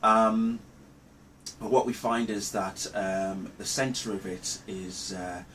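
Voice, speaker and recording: A man recapping a film's plot in a casual review, rambling and halting with many ums and restarts. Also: fairly low pitch, steady tone, a bit bright, a little hiss or hum. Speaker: movie reviewer. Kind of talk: casual spoken film review.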